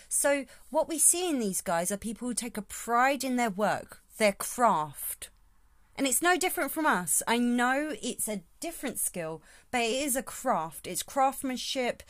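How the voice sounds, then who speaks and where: A woman's voice: mid-range voice, dry recording. A woman hosting her podcast in a casual, rambling solo talk, thinking aloud as she goes. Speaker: podcast host.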